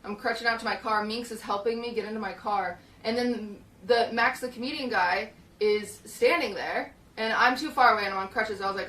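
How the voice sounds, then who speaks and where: A woman's voice: mid-range voice, a little fast, pushed and bright, echoey room, recorded from a distance, poor audio. A young woman streamer telling a long story in casual chat, full of "like" and restarts, acting out what people said. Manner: rambling, lots of "like" and restarts, acts out quotes. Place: small hot shed studio.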